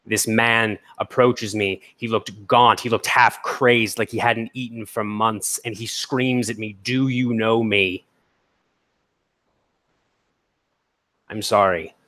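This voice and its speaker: A man voicing a grave, confused armored construct who speaks in slow, halting phrases. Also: fairly low pitch, steady tone, sharp tone. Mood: pained.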